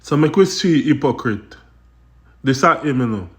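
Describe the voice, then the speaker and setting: A man's voice: mid-range voice, expressive, moderate pace. Indignant Jamaican man commenting on clips. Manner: indignant, explaining to viewers in patois. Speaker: commentary host.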